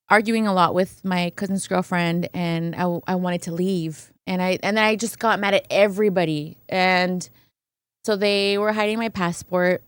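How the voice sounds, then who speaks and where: A woman's voice: medium pitch, clear, resonant tone, no room sound. A woman guest on a podcast, telling a personal story casually and acting out what people said, often tagging on "right?". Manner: animated retelling, acting out quoted voices, fillers like "right?". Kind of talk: conversational storytelling.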